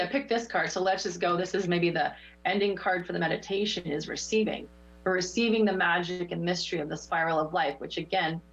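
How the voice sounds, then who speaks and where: A woman hosting a show as a spiritual teacher, leading a guided meditation with slow repeated affirmations and giving card readings. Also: on the low side, a bit bright, highs cut off. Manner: soothing, repetitive affirmations.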